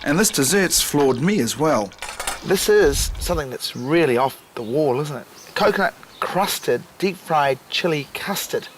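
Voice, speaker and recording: Jokey New chef judging dishes. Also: male voice, a little high, animated, a little slow, slight background noise. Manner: jokey, upbeat critic. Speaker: chef judge and show host. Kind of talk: tasting and scoring commentary. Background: music.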